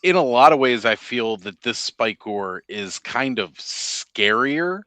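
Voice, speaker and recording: A man's voice: medium pitch, lively intonation, slow, bright, forceful tone, dry recording. A man co-hosting a podcast, chatting casually and eagerly with many fillers. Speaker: podcast co-host. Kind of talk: casual chat.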